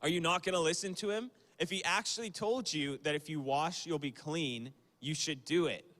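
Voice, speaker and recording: A man's voice: on the high side, moderate pace, fairly bright tone. A young man giving a casual, conversational youth sermon on a livestream, with fillers and small apologies. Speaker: youth speaker. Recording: long hall reverb.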